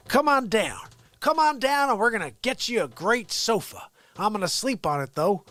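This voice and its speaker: A man's voice: sits high, sing-song, normal speed, few pauses, sharp tone, dry recording. A man hosting a daily livestream, ranting sarcastically and animatedly about politics from home. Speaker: livestream host. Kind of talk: unscripted political rant.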